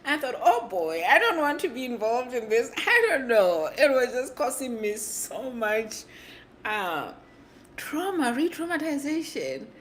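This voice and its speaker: A woman hosts a casual livestream in a high, hoarse voice. She talks slowly and swings her pitch widely as she jokes with her viewers. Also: slight background noise. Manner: animated, playful, laughs often. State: hoarse from screaming. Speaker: livestream host.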